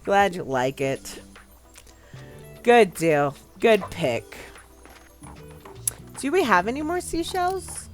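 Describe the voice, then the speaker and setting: A woman talks her way through a cozy game, reading out the text on screen and breaking into bursts of excitement. Her pitch swings widely while her pace stays slow and easy, with faint music underneath. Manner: chatty, reads game text aloud, sudden excited outbursts. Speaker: gaming video host. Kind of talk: casual gameplay commentary.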